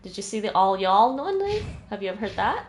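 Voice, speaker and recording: A woman's voice: medium pitch, sing-song, brisk, slight background noise. A woman streaming a video game, chatting casually with her viewers and laughing often. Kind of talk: casual chat while gaming.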